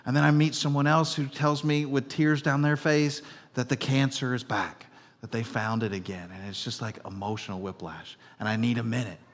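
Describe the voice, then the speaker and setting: Man, middle-aged, pastor, sermon, conversational storytelling, loud-to-hushed swings, medium pitch, long church-hall reverb. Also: fairly even intonation, moderate pace. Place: church auditorium.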